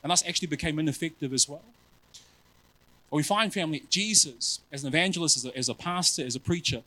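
Animated preacher man with a high voice. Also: fast talker, rough recording. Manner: animated, self-mocking, keeps addressing the crowd as family. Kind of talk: sermon.

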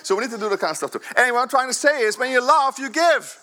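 A man in his fifties, a pastor giving a jokey, animated sermon at a church service, swinging between loud bursts and soft asides. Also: very high voice, rapid-fire.

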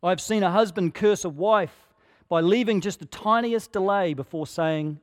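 A pastor delivers a sermon in a high-sitting male voice at a moderate pace, the sound filling a big room. He's earnest and conversational, posing rhetorical questions to his listeners.

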